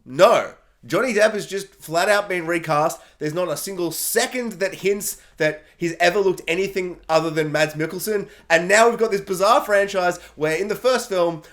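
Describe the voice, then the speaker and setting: A man giving a casual spoiler film review, animated and sarcastic, with joking asides. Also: high-pitched, moderate pace, few pauses.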